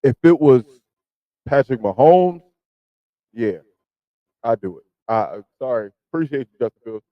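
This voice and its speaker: A man hosting a podcast, chatting casually about football and swinging from low mutters to loud emphasis. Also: animated, unhurried, long pauses, no echo, highs cut off. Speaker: podcast host. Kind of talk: casual sports chat.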